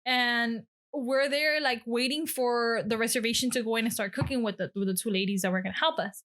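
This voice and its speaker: A woman in her late twenties, the guest, telling a story in a casual chat, emotional and animated, with many fillers and restarts. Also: fairly high pitch, brisk. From Miami area. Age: late 20s. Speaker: guest lifestyle blogger.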